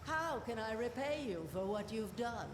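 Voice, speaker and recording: A woman voicing a sinister ancient spirit that speaks through a fortune-teller's body, with a slow, theatrical villain delivery, heard as game audio. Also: on the high side, lively intonation, natural voice. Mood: silky menacing. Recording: reverberant game audio with background hiss.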